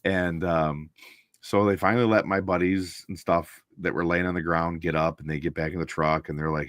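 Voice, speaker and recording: This Minnesota streamer speaks in a low voice at a moderate pace, casually rambling through a story and pausing to act out the people in it. The studio sound is clean with no echo.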